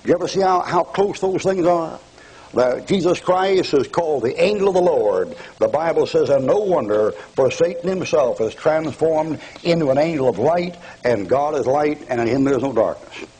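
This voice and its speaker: A man's voice: a little high, animated, moderate pace, warm tone, breathy edge, poor audio. An older man preaching a televised fire-and-brimstone sermon, mocking and taunting his audience with bursts of laughter.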